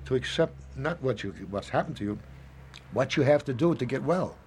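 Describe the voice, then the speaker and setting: A man's voice: mid-range voice, expressive, fairly quick, darkish tone, a little hiss or hum. A man in his seventies in an interview, rambling and reflective, acting out little quoted dialogues as he talks. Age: 70s.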